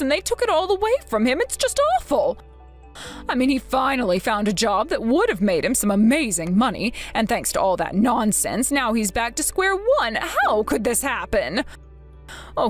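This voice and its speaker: A woman voicing a whiny, self-pitying older mother who dramatically pleads with her daughter for money. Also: fairly high pitch. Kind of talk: text-story voice acting.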